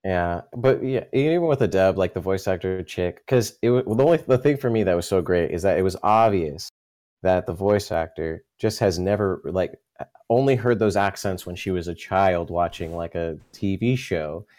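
A man's voice: sits low, normal speed, darkish tone. A man chatting as a podcast guest, rambling, restarting his sentences and laughing often. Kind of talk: casual chat.

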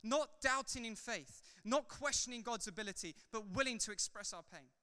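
A man who is a pastor, preaching a sermon in a church hall, swinging from loud fervor to soft, chatty asides. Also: extremely high pitch, normal speed, clean tone. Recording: long hall reverb.

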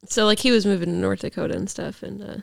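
Young woman guest, mid pitch, gravelly fry, loose storytelling full of fillers. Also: steady tone, fast. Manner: rambling, heavy on fillers. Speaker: podcast guest. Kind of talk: casual personal storytelling.

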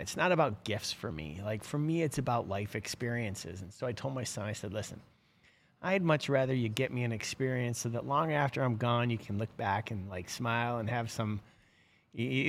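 A middle-aged man hosting a live show from his office, chatting casually with lots of fillers and restarts. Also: medium pitch. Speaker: host of a live fishing subscription show. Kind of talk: casual live-stream chat.

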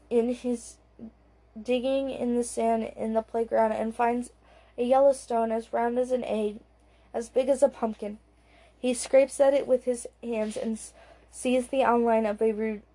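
A woman narrating a thriller audiobook in a calm, even storytelling manner. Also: a little high. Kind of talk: scripted narration.

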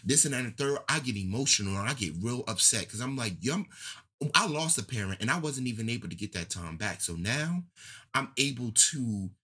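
A man's voice: a little fast, breathy edge. A man, talking candidly and emotionally in casual conversation, his voice rising and falling as he tells a story. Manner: emotional, candid storytelling with lively pitch swings.

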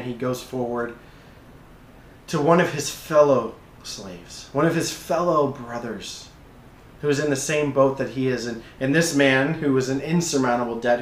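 Male pastor preaching in a church, lively storyteller, mid pitch, echoey room. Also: slight background noise. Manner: storytelling, acting out scenes, frequent restarts. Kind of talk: sermon.

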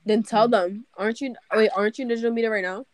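A woman on a casual podcast, reacting quickly and teasing her friend before handing over. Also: on the high side, steady tone, dry recording, low-quality recording. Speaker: podcast co-host, student. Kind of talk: casual chat.

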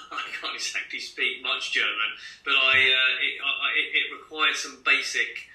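A man's voice: mid-range voice, fairly even intonation, unhurried, pushed and bright. A man in his thirties from Scotland, chatting as a runner guest in an interview over a video call, laughing easily. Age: 30s. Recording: roomy and distant video call.

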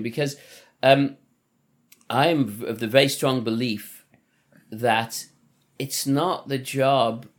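A man's voice: mid-range voice, steady tone, takes it slowly. A man with a Liverpool accent, a podcast host and father, talking in a thoughtful, casual way with many restarts. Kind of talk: casual conversation.

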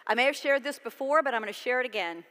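A woman's voice: a little high, expressive, quick pace, bright, forceful tone. A woman pastor preaching a sermon in a conversational, emphatic way, asking her congregation questions. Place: church sanctuary. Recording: long church reverb.

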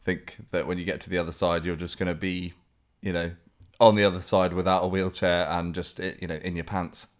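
A man's voice: deep voice, flat delivery, a little fast. A man co-hosting a podcast, teasing his friend dryly, with frequent hesitations. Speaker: podcast co-host. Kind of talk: casual podcast chat.

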